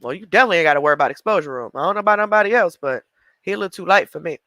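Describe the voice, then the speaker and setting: A woman's voice: fairly low pitch, animated, racing, sharp tone, no echo. A woman giving blunt, mocking reaction commentary on a livestream.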